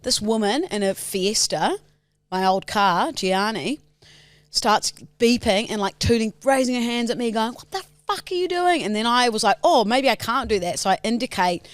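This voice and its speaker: A woman's voice: fairly high pitch, normal speed, dry recording. A woman co-hosting a podcast, chatting and teasing in casual banter. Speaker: podcast co-host.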